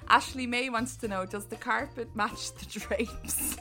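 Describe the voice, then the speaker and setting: Bright brash Irish woman. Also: on the high side, a little slow, faint music behind. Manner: brash, joking, reads listener questions. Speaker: podcast co-host. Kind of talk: casual chat.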